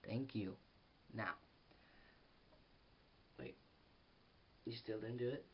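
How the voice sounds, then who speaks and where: A teenage boy giving a rambling, excitable casual film review for his vlog. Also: on the low side, slow. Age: teens. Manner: rambling and excitable, with restarts and giggles. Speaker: movie reviewer. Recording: distant, dull lo-fi audio with faint hiss.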